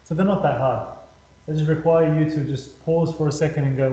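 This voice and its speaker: A man's voice: fairly high pitch, fairly even intonation, a little fast, dark tone. Male maths tutor, casual and repetitive, slightly dull lo-fi recording. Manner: chatty, repetitive, talks students through steps. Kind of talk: casual whiteboard lesson. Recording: roomy echo, slightly dull lo-fi sound.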